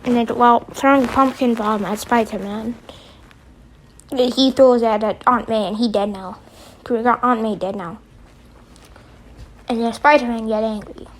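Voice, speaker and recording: A woman casually telling a story in a rambling, halting way with many restarts. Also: on the high side, fairly even intonation, poor audio.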